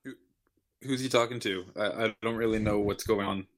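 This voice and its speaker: A man's voice: on the low side, steady tone, normal speed. A man playing a tabletop game who asks hesitant, confused questions. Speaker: player.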